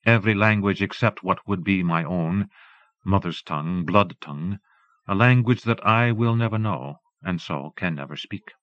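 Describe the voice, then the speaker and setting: A man with a fairly low voice reads an audiobook in a calm, measured literary manner. The sound is dry and close, with no room around it. The dull, lo-fi tone of an old cassette transfer hangs over every word. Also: no echo. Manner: measured, even literary reading. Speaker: audiobook narrator. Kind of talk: scripted audiobook narration.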